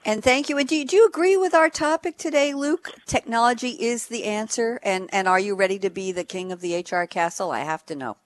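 A woman's voice: on the high side, a little fast, few pauses. A woman hosting a radio talk show, introducing panel guests with an enthusiastic, emphatic manner and frequent laughs.

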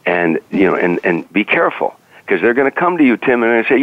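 Older guy telling a lively story over a tinny phone line, very deep voice, dry sound. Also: fast, no room sound. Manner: animated storyteller, acts out voices in quotes. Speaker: guest comedian. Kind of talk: storytelling on a radio talk show.

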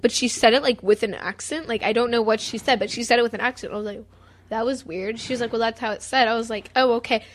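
A woman's voice: a little high, fast, few pauses. A teenage girl from Texas co-hosting a chat show, rambling through stories with frequent giggles. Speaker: co-host. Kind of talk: casual chat.

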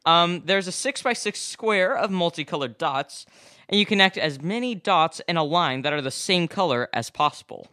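Teen female co-host, bright lively voice, dry close mic, teasing and quippy. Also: on the low side, no room sound. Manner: teasing, quick quips and laughter. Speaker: podcast co-host. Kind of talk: casual gadget chat.

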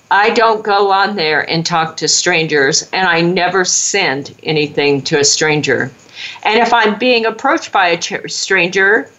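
A woman's voice: on the low side, fairly bright tone, muffled recording. A woman hosting a talk show, urging parents in an earnest, preaching monologue. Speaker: host.

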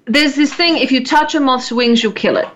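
A woman's voice: high voice, moderate pace, a bit bright, muffled recording. An Australian woman co-hosting a podcast in casual chat, chatty and opinionated, teasing her co-host.

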